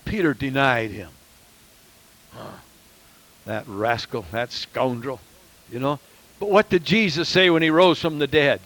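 A man preaching a sermon with emphasis, swinging from loud exclamations to quiet asides. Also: medium pitch, measured pace, pauses often, no echo, poor audio.

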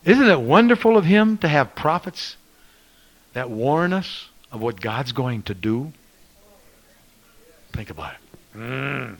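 Fervent preacher man, loud then hushed. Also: medium pitch, expressive, a little slow, pauses often, rough recording. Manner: swings from loud proclaiming to hushed asides; reads scripture in a ringing voice. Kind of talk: fervent sermon.

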